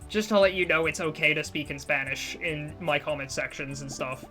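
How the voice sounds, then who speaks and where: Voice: medium pitch, fairly even intonation, moderate pace, sharp tone, faint music behind. Rambling casual streamer. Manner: rambling, self-deprecating, many restarts. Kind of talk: casual live-stream chat while gaming.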